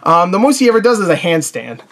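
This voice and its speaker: A man's voice: high-pitched, very animated, fast talker, a bit bright. A man giving a casual spoken movie review in a rambling, chatty way, with many fillers and restarts, blunt and informal, sometimes swearing.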